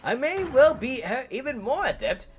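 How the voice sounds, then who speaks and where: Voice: high-pitched, sing-song, pitched above the performer's own voice. A streamer voicing a flamboyant, grandiose male detective while reading game dialogue aloud, faint game music behind. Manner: pompous, drawn-out flourishes.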